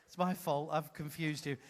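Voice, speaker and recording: Teasing high-voiced male comedy host. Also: a little hiss or hum. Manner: teasing, flamboyant, bossy direction. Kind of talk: audience-participation comedy. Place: ship theater. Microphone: handheld mic.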